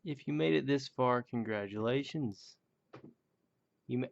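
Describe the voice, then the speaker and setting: A man casually rambling through a home video review of action figures, joking at his own expense and muttering quick asides. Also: medium pitch, vocal fry. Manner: loose, joking and self-deprecating, with muttered asides. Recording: dull lo-fi home video sound.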